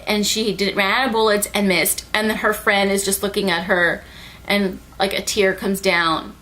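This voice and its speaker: A young woman rambling excitedly through an anime recap, full of "like" and swearing. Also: medium pitch, a little slow. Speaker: anime reviewer.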